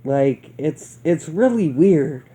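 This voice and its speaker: Casual male film reviewer, profane, rambling, warm mellow voice. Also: a little high, lively intonation, slow, husky. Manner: profane, rambling, laughs often. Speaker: movie reviewer.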